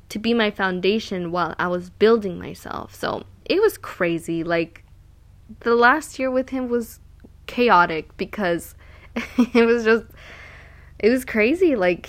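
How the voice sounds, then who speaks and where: A woman casually telling a personal story, rambling with lots of "like" and "um" and repeating words for emphasis. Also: medium pitch. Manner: rambling, heavy use of "like" and "um". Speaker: solo podcaster or vlogger.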